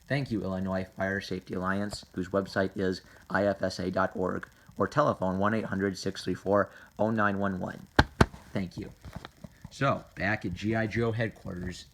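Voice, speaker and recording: A man's voice: deep voice, a little hiss or hum. Man mock-reading a safety comic. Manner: mock-earnest, reading aloud with silly voices. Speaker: comedy video host. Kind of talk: comedic read-through of a safety comic.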